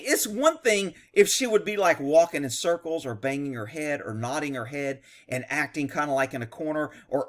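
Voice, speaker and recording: A man, a former police officer, giving blunt, profane, indignant commentary on a video. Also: on the high side. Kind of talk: reaction commentary.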